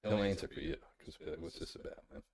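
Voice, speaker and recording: A man's voice: sits low, fast, a little mellow. A man hosting a podcast in casual chat, laid-back and ending sentences with "man". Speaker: podcast host.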